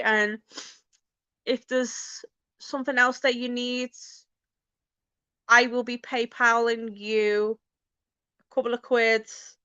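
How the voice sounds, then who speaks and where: A woman vlogging in casual chat, talking in a halting, hesitant way with many fillers. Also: on the high side, level tone, pushed and bright, smooth, no echo, dull audio.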